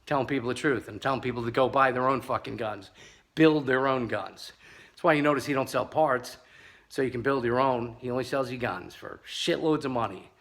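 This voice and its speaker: Test firing as he goes, a pepperball gun seller and reviewer launches into a furious, profane, sarcastic rant about a competitor. He speaks briskly in a mid-range, slightly bright voice.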